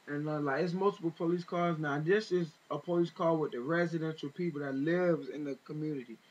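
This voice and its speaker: A man's voice: a little high, highs cut off. A man retelling events in casual spoken commentary, rambling with fillers and restarts and growing indignant as he talks. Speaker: vlogger.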